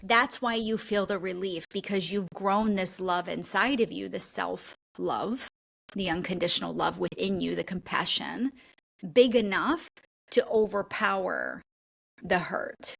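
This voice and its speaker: A woman's voice: on the low side, unhurried, gravelly. A woman guest on a podcast, speaking earnestly and reflectively as an intuitive coach, often checking in with "right?". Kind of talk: conversational podcast interview.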